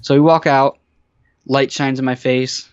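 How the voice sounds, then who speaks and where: A man's voice: mid-range voice, little pitch movement, unhurried, clean tone. Chatty man telling a story on dull audio. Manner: rambling, chatty, frequent fillers and restarts. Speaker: podcast guest telling paranormal stories. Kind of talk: casual storytelling.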